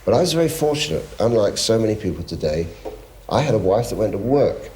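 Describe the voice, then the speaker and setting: A man's voice: on the low side, quick pace. A middle-aged man, a guest singer telling anecdotes on a chat show, often laughing. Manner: lively storyteller, laughing often.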